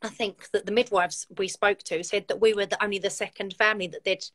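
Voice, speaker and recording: A woman's voice: medium pitch, fairly even intonation, fast talker, fairly bright tone. A woman, a guest on a live video chat, telling her own story in a candid, heartfelt way. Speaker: guest, community founder.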